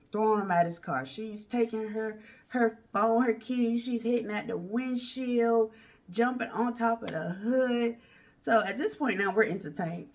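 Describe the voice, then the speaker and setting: A woman's voice: mid-range voice, recorded from a distance. A woman vlogger telling a dramatic personal story in casual slang, acting out what other people said. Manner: animated, acts out other people's lines in raised voices.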